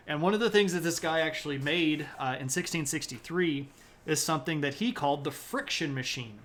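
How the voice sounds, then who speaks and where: Joking, slightly high-voiced male history streamer. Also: lively intonation, a little fast, a bit bright. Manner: chatty and joking, greets chat viewers mid-talk; loose and rambling with many fillers. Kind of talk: casual live-stream history lecture.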